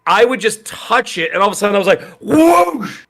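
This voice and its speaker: A man with a bright, sharp voice pitched a little high chats on a gaming podcast. He tells stories with energy and acts out his own reactions as he goes. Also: rapid-fire. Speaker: podcast co-host. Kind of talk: casual gaming podcast chat.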